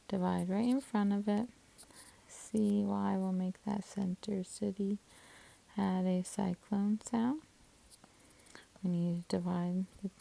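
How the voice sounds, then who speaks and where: A woman's voice: medium pitch, vocal fry, mellow, rough recording. A woman teaching a spelling lesson, patiently sounding out syllables and coding words, sometimes dropping to a whisper.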